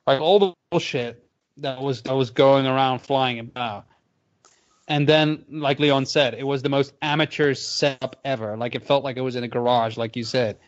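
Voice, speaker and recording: A man's voice: mid-range voice, fairly even intonation, moderate pace, dull audio. A man co-hosting a boxing podcast in casual, rambling chat, swearing a lot and laughing often. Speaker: podcast co-host.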